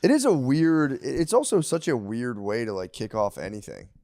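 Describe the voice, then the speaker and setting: A man's voice: mid-range voice, expressive, normal speed, darkish tone, dry recording, clean studio sound. A man co-hosting a podcast in loose, profane, laughing banter. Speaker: podcast co-host. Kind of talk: casual podcast chat.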